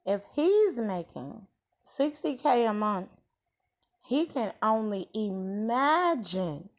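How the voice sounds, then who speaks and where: A woman commenting on another creator's video in a deliberate, preachy way. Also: medium pitch, warm tone.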